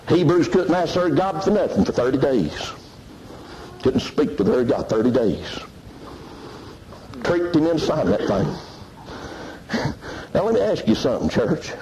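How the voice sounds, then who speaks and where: A man preaching a fiery revival sermon in church, shouting and laughing between exclamations. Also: a little high, poor audio. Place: church service with congregation. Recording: loud crowd noise in church. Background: loud congregation responding.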